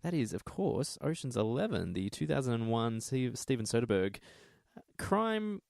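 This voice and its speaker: A man's voice: mid-range voice, normal speed, gravelly, dry recording, clean studio sound. Rambling man on a video call. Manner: rambling, self-correcting, lively. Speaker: podcast co-host. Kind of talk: casual chat over a video call.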